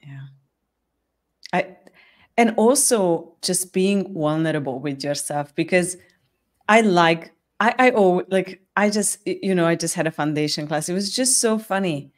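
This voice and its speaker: A woman's voice: on the low side, unhurried. A woman hosting a casual live chat, talking candidly with frequent laughs and restarts. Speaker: host.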